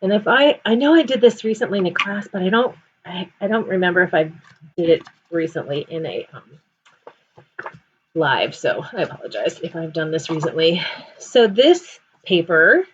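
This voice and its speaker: A woman's voice: on the low side, animated, moderate pace, muffled recording, background noise. A woman hosting a live card-making tutorial, chatty and rambling, often correcting herself.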